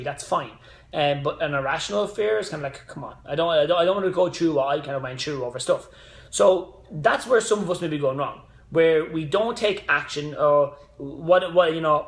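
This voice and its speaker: A man in his thirties, a fitness coach hosting a casual live stream, rambling with side notes and motivational asides. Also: on the high side. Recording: echoey room.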